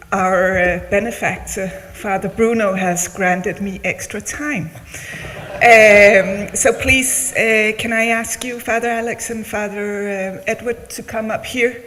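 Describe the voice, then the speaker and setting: Male moderator, high voice, polite, runs the Q&A in a reverberant hall. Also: fairly even intonation, takes it slowly, fairly bright tone. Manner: polite, hesitant with fillers. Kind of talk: chairing a panel Q&A. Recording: reverberant hall with faint room noise.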